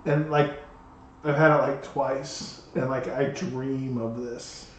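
A podcast co-host in his thirties speaks slowly in a mid-range voice, chatting casually and telling rambling, animated stories with many restarts. The recording is dull and lo-fi, in an echoey room with a little hiss or hum.

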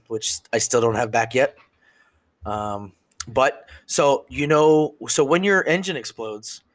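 A man co-hosting a podcast in loose, casual chat. He rambles, swears freely and sometimes trails off before finishing a thought. His voice sits at an ordinary middle pitch. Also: a bit bright. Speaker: podcast co-host.

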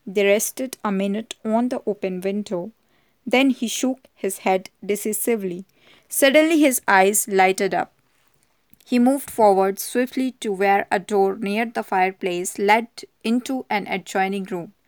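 A woman narrates a mystery novel aloud at a steady, measured pace. Her voice sits at a middle pitch, and she reads each line evenly. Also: clean tone. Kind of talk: audiobook reading.

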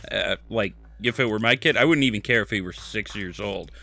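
A man's voice: fairly low pitch, fairly quick, vocal fry, pushed and bright, soft background music. A man in his thirties hosting a podcast, talking bluntly and joking with some swearing. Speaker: podcast host. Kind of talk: casual chat and game news.

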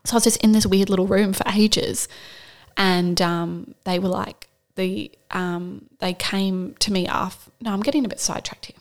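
A woman's voice: medium pitch, fairly even intonation, moderate pace. A young woman co-hosting a podcast, telling a personal story in a candid, rambling way with lots of fillers. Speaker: podcast co-host. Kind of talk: casual storytelling chat.

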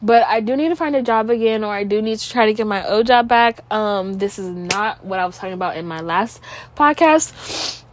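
A woman's voice: medium pitch, moderate pace, slight background noise. A young woman with a stuffy nose hosting her own podcast, rambling in casual chat full of "like" and swearing. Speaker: podcast host.

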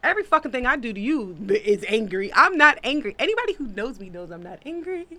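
A woman hosts a casual podcast, reading out listener comments and reacting with blunt, profane humor. Her voice sits a little high and bright. She swings her pitch widely and laughs often. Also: sing-song, fast talker. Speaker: podcast host.

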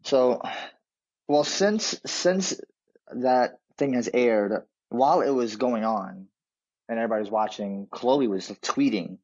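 A husky, fairly low-voiced man co-hosts a podcast from a remote line that sounds dull and muffled. He talks bluntly and with animated feeling. His delivery stays casual and conversational. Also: normal speed. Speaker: podcast co-host. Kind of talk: casual chat.

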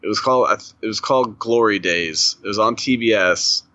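A man's voice: on the low side, fairly quick, sharp tone, no echo, muffled recording. A man in casual podcast chat, rambling through stories with lots of fillers and frequent laughs. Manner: rambling storyteller, many "like" fillers, laughs often.

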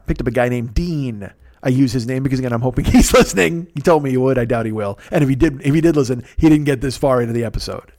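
A middle-aged man hosting his own show, telling a story in a profane, ranting, animated way. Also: mid-range voice. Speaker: podcast host. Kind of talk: casual storytelling monologue.

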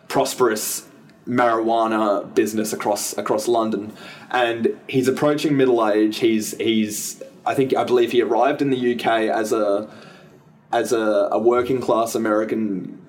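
A man's voice: fairly low pitch, steady tone, normal speed. A man co-hosting a podcast, chatting casually about a film and rambling with many restarts and self-corrections. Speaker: podcast co-host. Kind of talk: casual film review chat.

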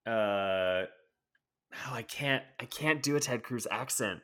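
A man's voice: mid-range voice, slow, bright, forceful tone. A man co-hosting a podcast, reading news items aloud with sarcastic, wry asides in a casual chat. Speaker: podcast co-host.

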